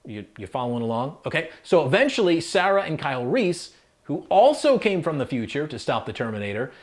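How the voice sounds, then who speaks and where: A man's voice: a little high, sing-song, fairly quick. A man hosting a casual countdown video, narrating in an upbeat, chatty way with playful asides to the listener. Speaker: host.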